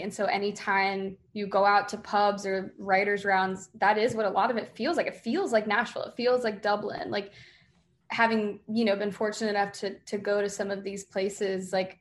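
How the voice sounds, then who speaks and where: A young woman from the Boston area, a singer-songwriter, talking casually in an interview with many fillers and lively quoted asides. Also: mid-range voice. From Massachusetts, near Boston. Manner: chatty, many fillers, animated quoting.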